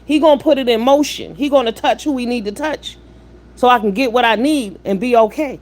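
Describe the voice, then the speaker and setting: A woman's voice: on the high side, fairly quick, a little mellow. Blunt, profane woman in her fifties. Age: 50s. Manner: blunt, profane and preachy, with rhetorical questions. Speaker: livestream host. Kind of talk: live-stream commentary with chat shout-outs.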